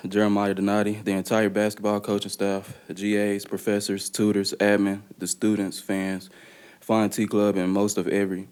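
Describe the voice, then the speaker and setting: Low, flat-voiced young man reading a statement. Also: clean tone. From Dallas area, Texas. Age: young adult. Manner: plain, earnest delivery with frequent "uh" and "um". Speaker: college basketball player. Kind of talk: reading a prepared statement at a press conference. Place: press conference room.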